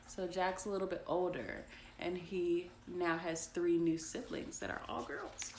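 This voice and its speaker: A woman's voice: lowish voice, steady tone, unhurried, a little mellow, a little hiss or hum. A woman, hosting a chatty, playful bedtime story reading for kids. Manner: chatty, playful, talks to her audience. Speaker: children's book reader. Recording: echoey room with faint ambience.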